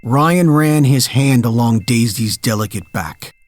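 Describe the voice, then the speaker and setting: A man narrating a scripted horror story in a measured, darkly dramatic way. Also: mid-range voice, no room sound.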